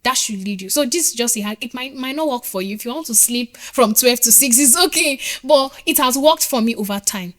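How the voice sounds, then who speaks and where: A woman's voice: a little high, a little fast, few pauses, fairly bright tone. A woman, a nurse speaking as a podcast guest, earnest and emphatic, repeating her points to drive them home. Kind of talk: motivational interview talk.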